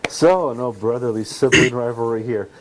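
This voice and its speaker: A man's voice: medium pitch, moderate pace, over a noisy crowd, low-quality recording. A man with an American accent hosting a casual news show, easygoing, laughing readily and restarting his sentences. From United States. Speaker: host.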